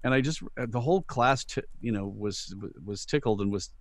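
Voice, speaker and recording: A man's voice: medium pitch, brisk, dry recording. A middle-aged man, a voice actor guest, chatting animatedly in an interview and retelling anecdotes with quoted voices. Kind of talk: casual interview storytelling.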